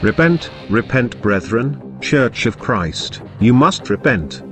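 A woman voicing an anguished male pastor trapped in hell, in a deep, strained, pleading voice. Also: big pitch swings, takes it slowly, soft background music, full character voice. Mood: preaching. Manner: desperate, begging and preaching.

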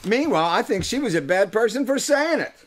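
An older host and musician from Pittsburgh, USA, whose voice sits high and sounds animated, delivers a loose comic monologue to his webcast audience. The live webcast audio captures his teasing, his free swearing and the many uhs filling his pauses.

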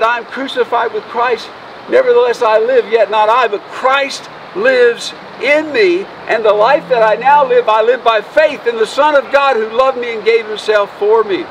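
A man's voice: very high voice, a bit bright. A man preaching an Easter sermon outdoors as pastor, folksy and emotional, joking with his congregation. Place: outdoors by a road. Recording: distant mic, faint noise.

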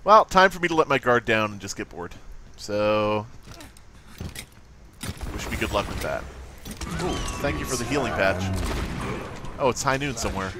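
A man with a lowish, expressive voice streams a game live at a moderate pace, leaving long pauses. His commentary is playful and sweary, with giggling and nonsense humming. The background is noisy, with loud video game effects and voice lines.

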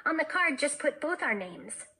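A gushing, generous young girl who squeals when she is thrilled, voiced by a woman reading aloud. Her voice sits high and bright. It comes from a storybook read aloud. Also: very animated, normal speed, heavily acted. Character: excited young schoolgirl, bubbly and generous.

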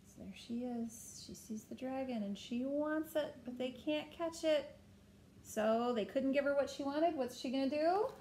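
A woman reading a children's picture book aloud to a child, gently stopping to point at pictures and ask questions. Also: high voice, a little slow, a little hiss or hum.

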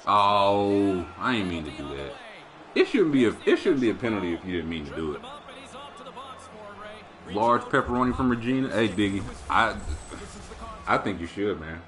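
Animated, low-voiced male streamer. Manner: animated, talkative, swears freely. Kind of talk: casual chat while playing a hockey video game. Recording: video game arena crowd noise behind. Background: hockey game crowd and commentary.

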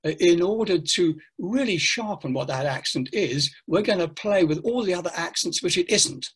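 Older male teacher trainer on a video call, husky and a touch high, playful and animated. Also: normal speed. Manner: playful, animated, acts out classroom lines. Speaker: pronunciation teacher trainer, guest. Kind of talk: casual interview talk.

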